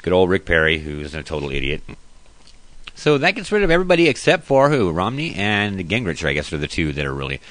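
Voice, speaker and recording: Low-voiced man ranting bluntly. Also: sing-song, a little fast, fairly bright tone, dry recording. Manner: reads news aloud then rants, profane and blunt. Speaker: host. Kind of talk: casual news commentary and ranting.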